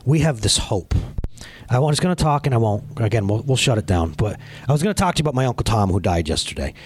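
A man's voice: mid-range voice, fast talker, slightly rough. A man in his thirties preaching a conversational sermon, telling a personal story and speaking straight to his congregation. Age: 30s. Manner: animated, storytelling, direct address to congregation. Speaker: pastor.

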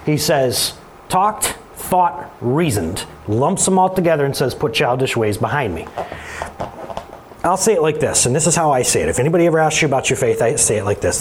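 A man preaching in a church as its pastor, with a conversational style that climbs high when he presses a point. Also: slight background noise. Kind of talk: sermon. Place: church sanctuary.

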